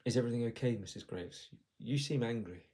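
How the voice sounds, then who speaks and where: A man's voice: medium pitch, fairly quick, mellow, natural voice. A man reading aloud as a flustered male doctor who keeps apologizing. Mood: apologetic. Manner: fumbling, over-apologetic. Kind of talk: reading dialogue from own novel.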